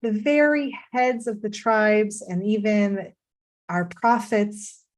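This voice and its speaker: A woman's voice: medium pitch, fairly even intonation, slow. Reflective woman teaching Torah mindfulness. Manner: reflective, checks in with "right?".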